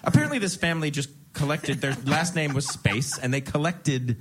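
A man from New Jersey co-hosting a live podcast, telling animated stories with plenty of swearing. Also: a little high, moderate pace, a little hiss or hum. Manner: animated storytelling, heavy swearing. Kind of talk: casual live podcast chat.

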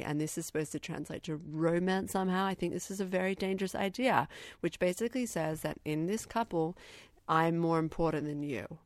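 Emphatic low-voiced woman, dry sound. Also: no echo. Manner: emphatic, opinionated, slows down to stress points. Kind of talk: casual chat about a show.

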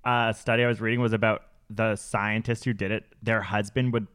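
A man hosting a relaxed podcast chat, his voice bright and forward. He rambles through stories with lots of filler words and frequent laughter. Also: lowish voice, brisk, clean tone. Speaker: podcast host. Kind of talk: casual chat.

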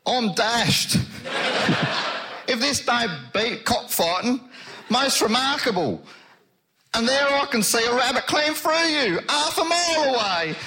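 A man's voice: extremely high pitch, lively intonation, unhurried, pushed and bright, exaggerated voice, low-quality recording. A man doing a bewildered old-time English tramp. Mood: amazed. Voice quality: broad old-fashioned English country accent, exclaiming. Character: bewildered rustic English tramp, excitable and superstitious.

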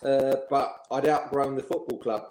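A man's voice: medium pitch, steady tone, moderate pace, a little mellow. Male ex-player interviewee, anecdotal and amused, middle voice, echoey room. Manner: chatty storyteller, laughs while telling. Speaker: former professional footballer, interviewee. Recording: roomy echo.

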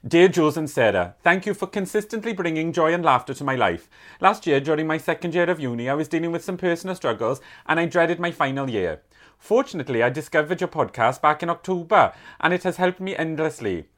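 A woman's voice: low-pitched, animated, a little fast. A woman co-hosting a podcast, chatting casually with wry, teasing remarks and reading letters aloud. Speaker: podcast co-host. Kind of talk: casual chat.

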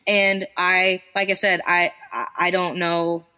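A woman's voice: fairly low pitch, little pitch movement, slow pace, bright, forceful tone, clean tone. A woman in her thirties, a business founder, telling her story in a casual podcast interview, candid and self-deprecating, swearing now and then.

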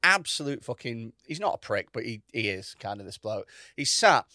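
A man's voice: medium pitch, normal speed, no echo, clean studio sound. A man on a podcast, telling a story in casual chat. He swears a lot and acts out the other people's lines. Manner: animated, swears often, acts out quotes. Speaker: podcast host.

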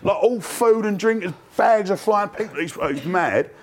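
Excitable man telling a wild story. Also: high-pitched, unhurried. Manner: breathless, laughing anecdote with acted quotes. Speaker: fan panel guest. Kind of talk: animated storytelling.

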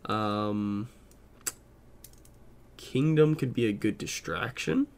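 A man's voice: fairly low pitch, takes it slowly, gravelly. A man co-hosting a podcast in casual chat, rambling with many fillers and swears. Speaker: podcast co-host.

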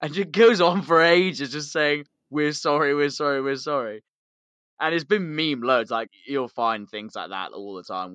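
Bright-voiced British podcast host. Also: male voice, mid-range voice, clear, resonant tone, no room sound. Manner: animated, swearing, laughing storyteller. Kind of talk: casual podcast chat.

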